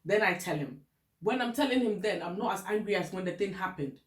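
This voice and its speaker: A woman's voice: medium pitch, lively intonation, brisk, reverberant. A woman from Ghana with a Ghanaian English accent, chatting candidly and laughing often as she gives relationship advice. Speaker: vlogger giving relationship advice. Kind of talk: casual advice chat.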